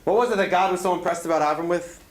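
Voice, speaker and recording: A man's voice: high-pitched, fairly even intonation, racing, echoey room. A man telling stories with earnest conviction in a Torah talk to students, weaving in Hebrew terms. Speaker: speaker at a student event. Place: event hall.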